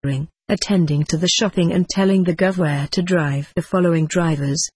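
Husky man reading a storybook. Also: a little high, steady tone, normal speed, a little mellow, no echo. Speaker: narrator.

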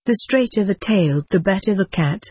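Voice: medium pitch, lively intonation, normal speed, darkish tone, slightly rough. A narrator voicing a haughty, scornful lady of the house who breeds cats and speaks in a cold, commanding way.

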